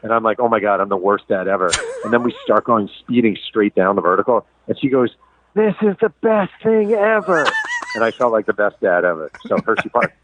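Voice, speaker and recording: A man's voice: fairly low pitch, steady tone, fast, hardly any pauses, noisy background. Man talking over a tinny phone line. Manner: candid, self-deprecating storyteller. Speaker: guest, sports writer. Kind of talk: casual interview chat.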